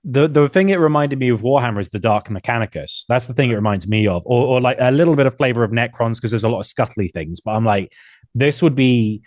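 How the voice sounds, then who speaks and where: Guy hosting a movie podcast, normal pitch, eager, acts out bits, dry close sound. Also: quick pace, darkish tone, no echo. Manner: enthusiastic, acts out quoted lines in voices. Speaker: podcast host. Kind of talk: casual film podcast chat.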